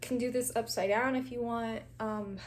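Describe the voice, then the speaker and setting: A woman's voice: fairly high pitch, fairly even intonation, moderate pace, slight background noise. A young woman chatting casually through a braid-styling tutorial at home, talking straight to viewers and sometimes dropping to a near whisper while she works. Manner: chatty, talks straight to viewers as "girl" and "y'all", laughs often; drops to a near whisper while twisting hair. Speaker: hair tutorial vlogger. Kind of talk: casual hair tutorial chat.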